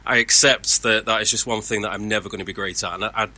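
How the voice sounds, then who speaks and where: A man's voice: on the low side, fairly even intonation, fast talker, pushed and bright. A man who is a voice actor, talking candidly and earnestly about his work in casual chat.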